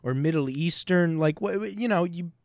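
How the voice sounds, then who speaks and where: A man co-hosting a casual podcast chat, talking in an animated, sarcastic way with frequent swearing. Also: a little high, normal speed, gravelly, dry recording, studio quality. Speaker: podcast co-host.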